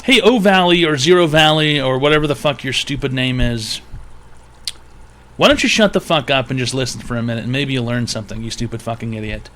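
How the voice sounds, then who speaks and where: A man's voice: mid-range voice, fairly quick, a bit bright. A man hosting a livestream advice show, mocking his chat in a crude, rambling comedic rant.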